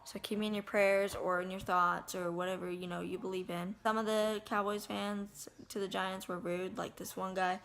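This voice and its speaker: A woman's voice: medium pitch, flat delivery, moderate pace, gravelly, hardly any pauses, fairly bright tone. A woman vlogger chatting casually to the camera, retelling what people said with lots of "like" and "I said.".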